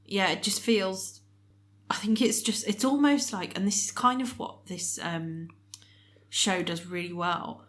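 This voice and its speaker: Teary, halting woman co-host. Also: medium pitch, a bit bright. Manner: emotional, teary, halting with many fillers. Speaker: podcast co-host. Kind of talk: casual chat.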